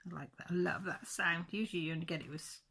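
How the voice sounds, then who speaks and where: A woman's voice: on the low side, fast, vocal fry, pushed and bright, a little hiss or hum. A woman in her forties chatting casually while she works on a craft project, rambling and correcting herself mid-sentence. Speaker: crafting channel host.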